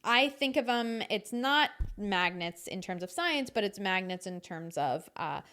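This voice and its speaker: A woman's voice: medium pitch, expressive, unhurried, a bit bright, clean tone. A woman vocal coach talking casually in a podcast conversation, explaining voice technique and singing short demonstrations.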